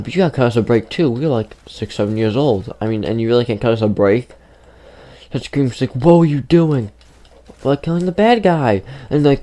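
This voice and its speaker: A man's voice: on the low side, mellow. A man casually telling a childhood story to his viewers in a loose, rambling way, leaning on "like" and "you know.".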